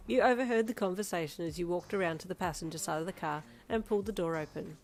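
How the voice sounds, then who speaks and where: Brief: female storyteller, low-ish voice, even second-person narration, faint music bed. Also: quick pace, hardly any pauses. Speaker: fanfiction narrator. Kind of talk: story read aloud to the listener. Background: soft instrumental music.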